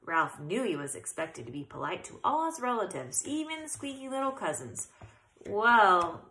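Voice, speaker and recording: A woman reading a children's storybook aloud in an expressive way, sometimes correcting herself as she goes. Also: mid-range voice, normal speed, rough recording. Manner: expressive, occasional self-corrections. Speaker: narrator.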